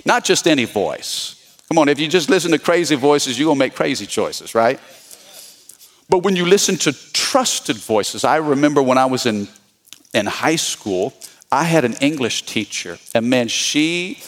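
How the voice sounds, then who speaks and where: A man's voice: mid-range voice, a bit bright. A man preaching a sermon as pastor, repeating his key points and calling out to the congregation.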